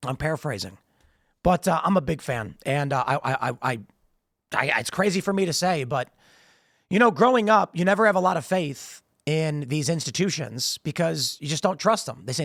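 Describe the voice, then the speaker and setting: Hoarse man with a gravelly, high voice. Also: lively intonation, a little fast, fairly bright tone, dry recording, studio quality. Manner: emphatic, repeats words when starting sentences. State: losing his voice, strained throat. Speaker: show host. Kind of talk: political commentary monologue.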